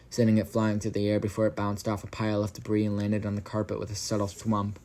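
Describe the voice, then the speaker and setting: A man's voice: lowish voice, darkish tone. A man reading a first-person horror story aloud, stumbling over words, correcting himself, and breaking off for casual profane asides to the listener.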